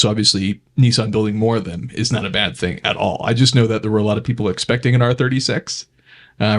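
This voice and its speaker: A man co-hosting a car podcast, explaining car news in an easygoing way with plenty of fillers. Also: on the low side. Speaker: podcast co-host. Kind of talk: casual car news chat.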